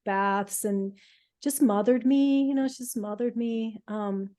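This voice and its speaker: A middle-aged woman, a podcast co-host, telling her own healing story in an emotional, halting way with many fillers. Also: a little high, warm tone. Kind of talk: casual personal storytelling.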